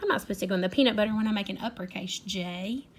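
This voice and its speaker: A woman teacher leading a young children's phonics lesson, stretching words in an animated, sing-song way. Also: medium pitch, racing, slight background noise.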